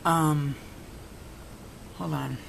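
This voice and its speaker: A man's voice: steady tone, extremely slow, creaky, a bit bright, rough recording. A man, thinking aloud as he works through a puzzle, with many fillers and restarts. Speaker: puzzle-solving video creator. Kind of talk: casual on-screen analysis. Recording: faint rumbling background noise.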